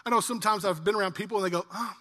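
A man in his forties, a pastor preaching a sermon in earnest, swelling louder on lists and slowing on key lines. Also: high voice. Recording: long reverb of a church hall.

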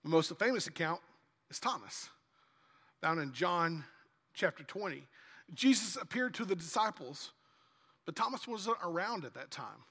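A man preaching a sermon as pastor, animated and acting out dialogue in lively asides, in a church hall. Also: high voice, unhurried, pauses often.

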